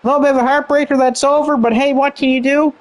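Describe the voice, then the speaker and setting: A man's voice: extremely high pitch, little pitch movement, quick pace. A man doing rambling play-by-play commentary on a wrestling show, heavy on fillers.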